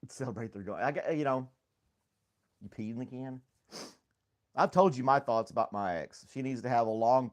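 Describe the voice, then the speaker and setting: A man hosting a casual livestream chat, rambling and joking, laughing often at himself. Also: medium pitch. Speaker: host.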